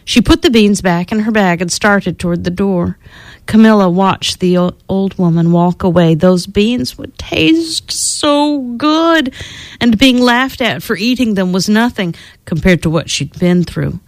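Expressive woman reading a storybook aloud. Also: mid-range voice, a little slow, no room sound.

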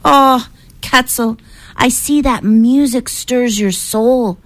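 A woman voicing a gentle old male composer in a read-aloud storybook, speaking tenderly and crying out in disbelief. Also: medium pitch, measured pace, close to an everyday voice.

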